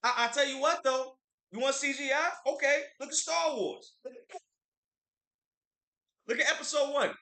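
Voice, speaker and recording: A man co-hosting a casual livestream, talking about pop culture in an animated, opinionated way and repeating words for emphasis. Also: extremely high pitch, moderate pace, long pauses, roomy sound. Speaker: livestream co-host.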